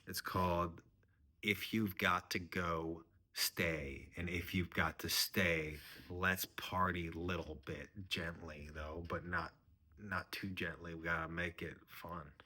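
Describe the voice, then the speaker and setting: A man's voice: low-pitched, level tone, slow, bright, forceful tone. A man doing a mock-serious comedy monologue, rambling and earnest, sometimes trailing off to a whisper. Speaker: comedian host.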